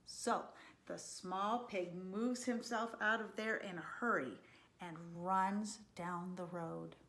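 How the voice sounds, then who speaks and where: A woman reading a children's picture book aloud, slow and expressive, sometimes dropping to a whisper. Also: medium pitch, echoey room. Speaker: storyteller.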